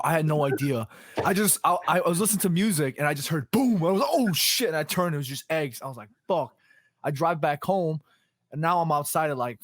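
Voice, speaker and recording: A young man, co-hosting a podcast and telling stories in an animated way, swearing freely. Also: mid-range voice, no room sound, studio quality. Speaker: podcast co-host. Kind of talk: casual chat.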